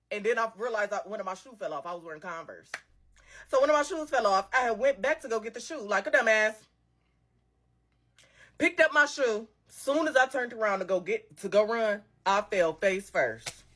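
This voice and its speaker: A young woman telling a casual storytime, animated and slangy, laughing as she goes. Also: fairly high pitch, a little fast. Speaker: storytime vlogger.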